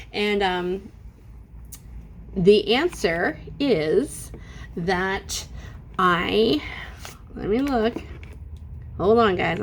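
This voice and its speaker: A woman's voice: mid-range voice, creaky. A middle-aged woman talking casually and sassily to her viewers in an unscripted home vlog, acting out what people said with exaggerated voices. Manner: chatty and sassy, acts out quotes with exaggerated voices. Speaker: vlogger.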